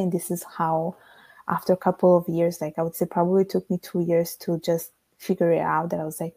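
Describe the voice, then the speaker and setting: Her fairly low, husky voice is warm, with little pitch movement, and she talks a little fast. A woman from Italy with an Italian accent, she thoughtfully recounts her own story as a podcast guest, in long searching stretches laden with fillers. There's no echo.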